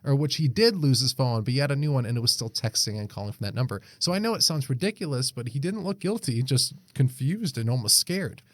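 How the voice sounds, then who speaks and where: A man's voice: mid-range voice, animated, fast, few pauses, a bit bright, dry recording. A young man, co-hosting a podcast in casual chat, reading a Reddit post aloud, swearing freely and laughing often. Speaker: podcast co-host.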